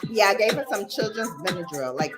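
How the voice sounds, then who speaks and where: A woman's voice: medium pitch, lively intonation, fairly quick. A woman hosting a casual livestream, chatting playfully with her viewers and talking to her small pet. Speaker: livestream host. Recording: loud music playing behind.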